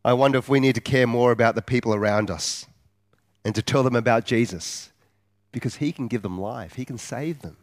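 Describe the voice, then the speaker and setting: A man preaching a sermon in an earnest, measured way, asking his listeners questions and slowing down to stress key words. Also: mid-range voice, no echo, clean studio sound. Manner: slows down for emphasis.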